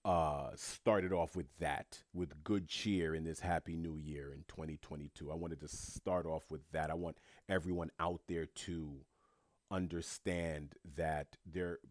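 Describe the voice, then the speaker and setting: A man's voice: a bass voice, steady tone, unhurried, dry recording, clean studio sound. A man hosting a podcast episode, talking casually and earnestly to his listeners, often restarting and repeating words. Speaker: podcast host. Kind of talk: casual monologue.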